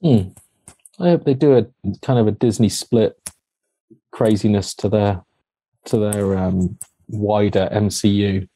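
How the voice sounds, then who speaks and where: A man's voice: on the low side, a little slow, long pauses, dark tone. A man co-hosting a casual chat about films and shows, chatty and laughing often. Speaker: podcast co-host.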